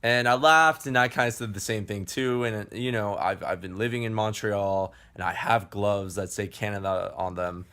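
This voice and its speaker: A man's voice: on the low side, normal speed, hardly any pauses, sharp tone, smooth. An American man from Chicago hosting a travel fitness vlog, talking earnestly and casually to camera, often repeating and restarting phrases. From Chicago, United States. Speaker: travel fitness vlogger, host.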